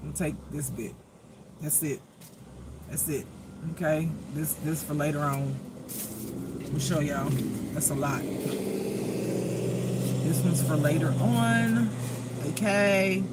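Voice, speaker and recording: A spiritual intuitive reader chatting casually, praying and pulling cards in a slow, drawn-out, prayerful way. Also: mid-range voice, background noise. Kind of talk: casual chat and card reading.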